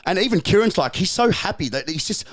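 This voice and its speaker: A man's voice: high-pitched, very animated. A man with an Australian accent, a podcast guest telling stories in casual chat, swearing often, with emphatic restarts and repeated phrases. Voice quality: profane, emphatic storytelling. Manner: repetitive restarts and rapid bursts.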